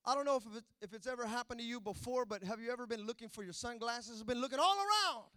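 A man preaching a sermon, telling a family story that builds into loud, emphatic preaching. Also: extremely high pitch, steady tone, fast talker, smooth, no echo, clean studio sound. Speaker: pastor.

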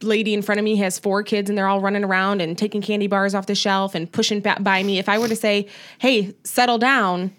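A woman's voice: mid-range voice, little pitch movement, quick pace, hardly any pauses. Conversational woman co-host. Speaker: podcast co-host. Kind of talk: casual chat.

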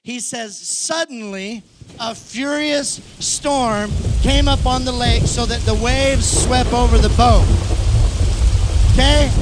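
A man preaching a sermon, telling a story with lively acted-out voices. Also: very high voice, very noisy. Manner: animated storyteller, acts out the disciples' panic. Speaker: pastor.

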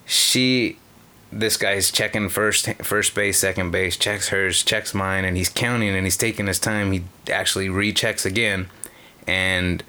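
A man's voice: low-pitched, pushed and bright. A man telling casino stories in a casual, rambling way, swearing often and filling gaps with "you know". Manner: profane, rambling, many fillers. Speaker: caller sharing casino stories. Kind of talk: casual storytelling.

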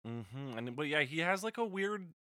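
A young man co-hosting a casual music podcast, relaxed and agreeable with quick quips. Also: fairly high pitch, no echo, studio quality. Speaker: podcast co-host. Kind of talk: casual chat reviewing music.

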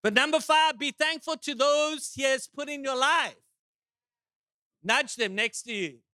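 A male pastor preaching a sermon in a church, animated and joking, with rhetorical questions to the congregation. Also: very high-pitched, measured pace.

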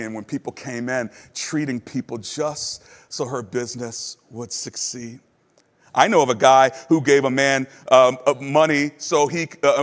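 A man preaching a sermon, telling stories and putting questions to the congregation, swinging between quiet low moments and emphatic high ones. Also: big-room sound. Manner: storytelling preacher, asks the crowd questions. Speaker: pastor.

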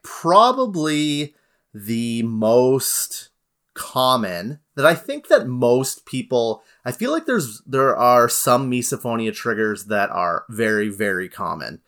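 A Canadian man co-hosting a podcast, chatting in a relaxed, rambling way with many fillers. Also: mid-range voice. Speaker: podcast co-host. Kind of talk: casual podcast chat.

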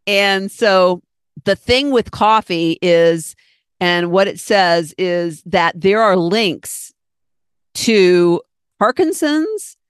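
Middle-aged female podcaster, low-pitched, chatty and rambling, earnest solo talk, dry close sound. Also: clean tone, no room sound. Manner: chatty, rambling, earnest, acts out her own thoughts. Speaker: podcast host.

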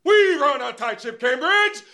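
A man's voice: very high-pitched, lively intonation, a little slow, exaggerated voice. An actor playing a military father who barks orders at a boy in a film scene. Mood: barking. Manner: shouting commands.

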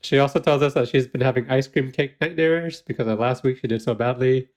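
A man's voice: mid-range voice, a little fast, a little mellow. A man co-hosting a podcast in casual chat, joking and laughing often. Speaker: podcast co-host.

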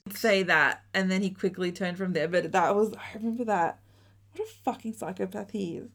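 A woman's voice: medium pitch, normal speed. A woman co-hosting a podcast, chatting casually and swearing as she recaps a reality show. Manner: chatty, swearing, laughing often. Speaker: podcast co-host.

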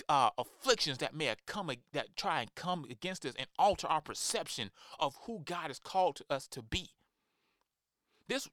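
A man's voice: on the high side, pushed and bright, no room sound, clean studio sound. Fired-up man preaching a sermon. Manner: impassioned, emphatic, acts out quoted voices.

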